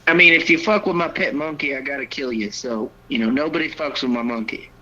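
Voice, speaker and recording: A man's voice: medium pitch, fairly quick, pushed and bright. A man hosting insult radio, crude and taunting in his banter. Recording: dull lo-fi audio.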